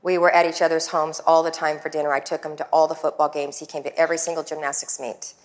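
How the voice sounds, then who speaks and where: A woman coach telling a lively personal story, acting out the people she quotes. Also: deep voice, fast. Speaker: guest coach. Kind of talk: storytelling talk.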